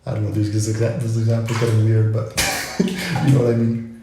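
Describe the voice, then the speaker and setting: A man's voice: fairly low pitch, fairly even intonation, brisk, noisy background. A man vlogging, musing in a loose, rambling way full of asides. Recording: very echoey room.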